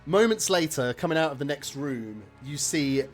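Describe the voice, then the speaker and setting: A man's voice: fairly high pitch, expressive, normal speed, faint music behind. A man narrating as game master of a tabletop role-playing game, rambling with restarts. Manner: rambling, many fillers and restarts.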